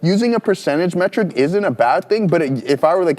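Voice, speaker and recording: Male trading co-host, slightly higher voice, friendly and explanatory. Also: lively intonation, brisk, darkish tone. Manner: friendly, explains setups to chat. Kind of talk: live trading commentary.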